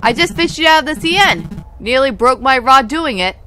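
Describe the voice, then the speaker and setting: A woman's voice: sits high, lively intonation, moderate pace, pushed and bright, a little hiss or hum. A woman voicing a blunt, cheeky male fisherman in a game.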